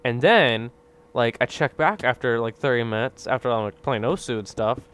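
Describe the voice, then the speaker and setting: This young gaming creator has a smooth, mid-range, fairly bright voice with lively intonation and a moderate pace. He rants casually during gameplay commentary, rambling, griping in exasperation and asking "right?" again and again.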